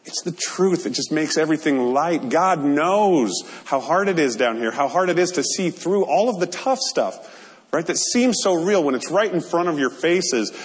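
High-voiced man preaching in a reverberant hall. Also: animated, moderate pace. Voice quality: earnest, conversational, checking in with "right?". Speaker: pastor. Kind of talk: sermon.

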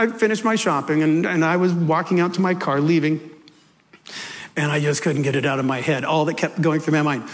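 A male pastor telling a personal story in an animated, emotional sermon, ending in prayer. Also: high-pitched, long reverb tail. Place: church sanctuary.

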